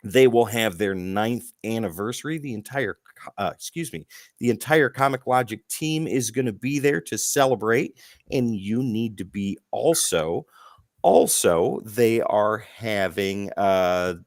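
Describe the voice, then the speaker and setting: A man with a lowish voice co-hosts a comic book podcast, reading sponsor spots with playful showmanship. The sound is dry and close, with no room echo. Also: unhurried. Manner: joking, showman-like ad reads. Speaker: podcast co-host. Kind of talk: casual chat and sponsor reads.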